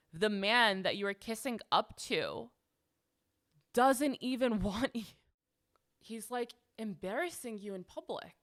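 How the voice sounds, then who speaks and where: A woman's voice: medium pitch, fairly bright tone. A young woman hosting a casual commentary show, talking sarcastically and chattily with lots of "like.". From United States. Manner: sassy, sarcastic, chatty with frequent "like". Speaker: podcast host.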